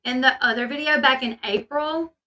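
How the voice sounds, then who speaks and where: A woman's voice: high-pitched, moderate pace, bright, forceful tone, recorded from a distance, poor audio. A woman hosting a casual commentary video, chatty and opinionated with many fillers. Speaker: commentary channel host.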